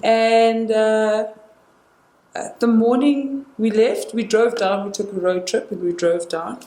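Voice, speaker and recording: A woman's voice: fairly high pitch, fairly even intonation, slow pace, warm tone. A young woman telling a personal story in casual conversation. She retells it with energy and acts out the quoted dialogue. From South Africa. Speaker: guest sharing a personal story. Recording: roomy indoor sound with faint noise.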